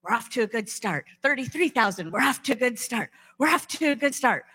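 A woman's voice: on the high side, lively intonation, a little fast, bright, forceful tone, husky, full character voice. A woman in a sermon voicing an eager biblical hero who talks himself up in breathless self-talk. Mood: excited. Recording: long echo of a large hall.

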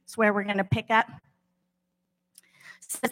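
A woman's voice: on the high side, measured pace, long pauses. A woman preaching a sermon in a casual, conversational way, retelling bible stories with acted voices. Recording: long echo of a large hall.

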